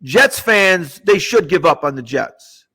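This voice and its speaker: An older man co-hosting a sports podcast, musing and handing out advice in a drawn-out way. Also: fairly high pitch, animated, sharp tone, breathy edge. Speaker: podcast co-host. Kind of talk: casual sports banter.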